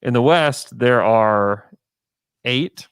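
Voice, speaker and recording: A man's voice: mid-range voice, very slow, clean tone, dry recording. A man co-hosting a podcast, talking sports in a casual, emphatic way. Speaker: podcast host.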